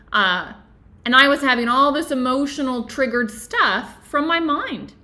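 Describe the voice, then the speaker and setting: A woman hosting a book club discussion, talking casually and telling stories in an animated, chatty way with lots of "like"s. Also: on the high side. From Florida, USA. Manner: chatty, animated storytelling with many "like"s.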